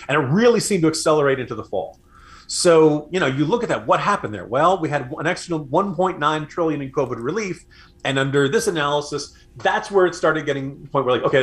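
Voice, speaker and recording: Brief: male co-host, conversational and wry, average pitch. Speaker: podcast co-host. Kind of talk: casual political commentary.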